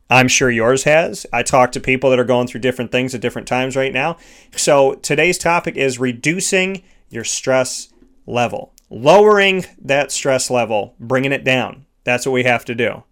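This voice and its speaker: An earnest man delivers a motivational self-help talk. He builds his points through repeated, emphatic lists. His pitch sits at an ordinary middle for a man. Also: fairly bright tone. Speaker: host of a sponsored motivational segment.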